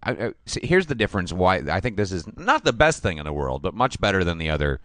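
A man's voice: deep voice, fast talker, no room sound. A man co-hosting a casual film review podcast, talking with enthusiasm and plenty of swearing. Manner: enthusiastic, profane, lively storytelling. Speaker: podcast co-host.

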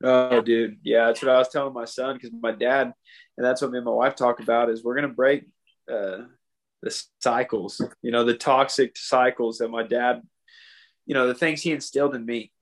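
A man's voice: mid-range voice, steady tone, moderate pace. A man in his thirties with an ordinary mid-range voice, talking openly on a podcast. He restarts his sentences often and peppers them with "man" and "you know.". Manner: heartfelt and confessional, with many restarts. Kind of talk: casual podcast conversation.

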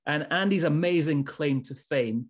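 A man's voice: fairly high pitch, normal speed. A man hosting a podcast, chatting casually with upbeat banter and playing the hype man for his guest. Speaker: podcast host. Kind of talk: casual chat.

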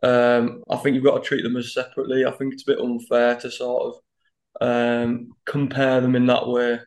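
Flat, gravelly-voiced matter-of-fact man. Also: mid-range voice, moderate pace. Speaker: podcast co-host. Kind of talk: casual football podcast chat.

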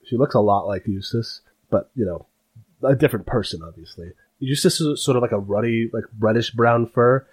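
A man's voice: medium pitch, fairly quick, breathy edge. A man narrating a tabletop game as game master, rambling with lots of fillers. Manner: rambling, filler-heavy, animated.

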